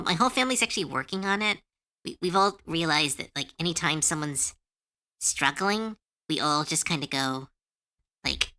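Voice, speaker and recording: A woman's voice: low voice, sharp tone. A woman streamer chatting casually with her viewers, earnest and comforting, with lots of fillers and easy laughter. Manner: laughs easily when unsure.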